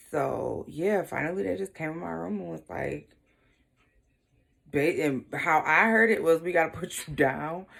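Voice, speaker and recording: A young woman speaks straight to her viewers in a deep voice with a lot of fry. She tells a personal story in casual talk, waving off side details as she goes. Her tone is frank and unpolished. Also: fairly bright tone. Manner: casual, shrugging asides like "blah, blah" and "whatever". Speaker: vlogger.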